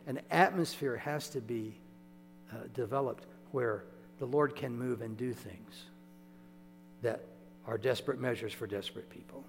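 A man delivers a sermon in a large hall, telling stories in a loose, chatty way and pausing to ask if his listeners are with him. His voice sits at a middling pitch, and the long reverb of the room trails after each phrase. A faint electrical hum runs underneath the recording. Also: creaky. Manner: conversational storytelling, checks in with listeners. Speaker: preacher. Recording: echoey hall with mains hum.

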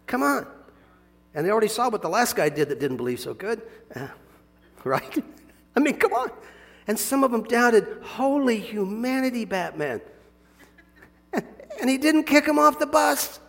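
Gravelly guy preaching a sermon, gets loud then soft, big echoey hall. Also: very high-pitched, moderate pace, long pauses. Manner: animated, swings from soft asides to loud emphatic bursts, chuckles often. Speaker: pastor.

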